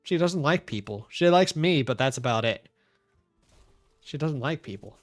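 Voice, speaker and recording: A man streaming a video game, chatting in a casual, rambling way and talking softly to his pet. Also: mid-range voice, expressive, moderate pace, faint music behind. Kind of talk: casual chat while gaming.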